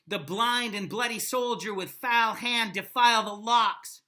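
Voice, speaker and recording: A woman reading a stern warrior king's threat to a besieged town, declaiming slowly and with menace. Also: fairly high pitch, bright, forceful tone, pitched above the performer's own voice. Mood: menacing.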